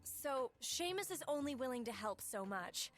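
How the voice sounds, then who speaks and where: A woman's voice: high-pitched, lively intonation, moderate pace. An actress voicing an eager young female genie sidekick who fawns over her master, over faint game music. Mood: chirpy. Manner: chirpy, fawning, calls player master.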